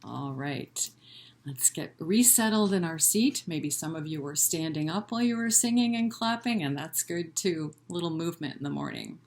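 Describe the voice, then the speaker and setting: A woman leading a children's library storytime, reading a picture book aloud in an animated way and inviting the children to chant along. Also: low-pitched, normal speed. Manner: gentle and encouraging with children.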